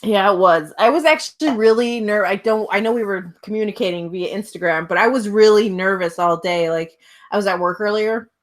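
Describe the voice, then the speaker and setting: A woman's voice: mid-range voice, fairly quick. A woman hosting a casual chat about a TV show, talking loosely with lots of filler words and frequent laughs. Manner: chatty, laughs often, many filler words. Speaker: host.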